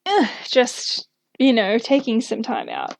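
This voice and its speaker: A woman's voice: on the high side, wildly swooping pitch, slow, gravelly, a little hiss or hum. A young woman giving a casual tarot reading, thinking aloud with lots of fillers and small laughs. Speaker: tarot reader.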